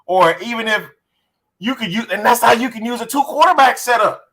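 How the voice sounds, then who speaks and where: A man co-hosting a casual sports podcast, rambling excitedly as he spins out ideas. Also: very high voice, brisk. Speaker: podcast co-host.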